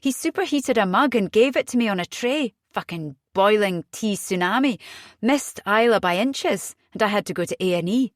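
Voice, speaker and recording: A woman voicing an agitated young Scottish mother in an audiobook, speaking urgently with a rising pitch. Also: animated, moderate pace, no echo, studio quality, close to an everyday voice.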